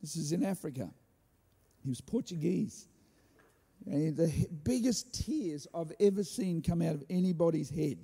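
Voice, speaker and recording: A man preaching a sermon, telling a story with animated delivery and joking asides. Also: a little high, moderate pace, husky. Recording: hall reverb.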